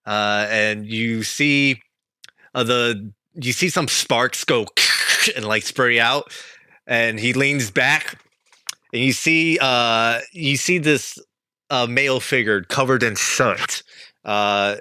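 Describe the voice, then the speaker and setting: A man narrating a tabletop game as game master, halting with many fillers. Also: medium pitch, pushed and bright, clean tone, no room sound.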